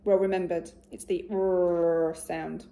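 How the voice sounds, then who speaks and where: Slow, mellow-voiced woman teacher. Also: on the low side, little pitch movement. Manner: slow, clear and encouraging, with much praise. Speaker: primary school teacher. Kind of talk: recorded phonics lesson for young children.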